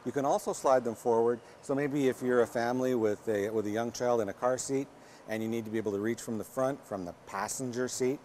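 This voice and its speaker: A man's voice: medium pitch, fairly quick, darkish tone, a little hiss or hum. A man with a Canadian accent co-hosting a car review, explaining practical features with dry quips. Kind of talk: casual banter reviewing a vehicle.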